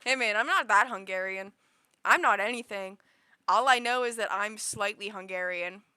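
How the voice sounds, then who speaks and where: A woman's voice: medium pitch, normal speed, bright, forceful tone, clean tone, no echo, studio quality. A woman livestreaming, chatting casually with viewers in a rambling, giggly way full of fillers. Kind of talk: casual chat with stream viewers.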